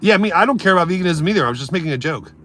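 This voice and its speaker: A man's voice: high-pitched, animated, very fast, fairly bright tone. A man live streaming, ranting casually and mocking his chat in a brash, swearing way. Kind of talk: casual comedic rant.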